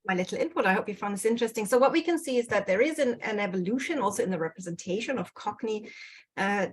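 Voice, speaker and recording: A woman's voice: mid-range voice, fast talker, breathy edge, low-quality recording. Hesitant woman presenting research online. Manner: hesitant, many fillers and restarts. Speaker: guest researcher. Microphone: computer mic on video call.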